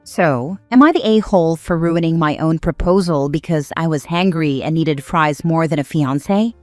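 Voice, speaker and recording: Low-voiced woman narrating online stories. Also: moderate pace, darkish tone, dry recording. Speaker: narrator reading online posts. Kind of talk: storytime narration. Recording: dry close voice over faint music. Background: faint background music.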